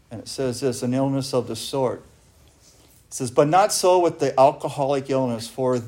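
A man's voice: medium pitch, darkish tone. A man giving an earnest recovery talk, speaking emphatically and often asking his listeners rhetorical questions.

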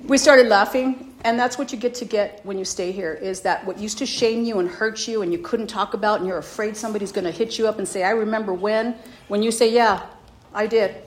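At a recovery meeting, a middle-aged woman shares her personal testimony in a mid-range voice and a brisk tempo. She tells her story with energy, acting out her own reactions whenever she quotes herself.

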